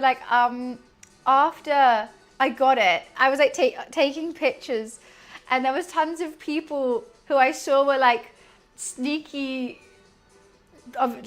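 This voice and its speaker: High-voiced giggly woman streamer. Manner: chatty, giggly, easily distracted. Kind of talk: casual live-stream cooking chat. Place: home kitchen.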